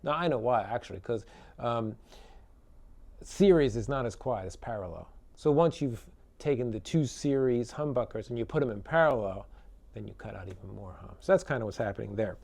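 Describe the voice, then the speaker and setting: A man who builds guitars, casually demoing one in a relaxed, chatty way with lots of fillers and tag questions, electric guitar playing between his remarks. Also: mid-range voice, fairly quick, gravelly. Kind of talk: casual product demo talk.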